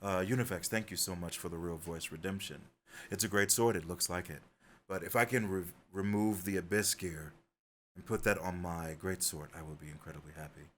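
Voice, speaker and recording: A man streaming a game, putting on a deep, mock-serious voice. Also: steady tone, fairly quick, slight background noise, natural voice.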